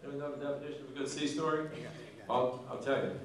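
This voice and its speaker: A man's voice: medium pitch, fairly even intonation, fast talker. A man telling a rambling, folksy joke to the crowd at a Marine Corps birthday ball. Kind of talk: after-dinner joke telling. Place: large banquet hall. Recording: echoey banquet hall, distant mic.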